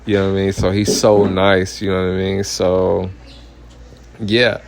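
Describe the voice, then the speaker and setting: A man's voice: deep voice, level tone, unhurried, vocal fry. A man, a minister giving a heated, blunt personal testimony full of profanity and repeated "you know what I mean".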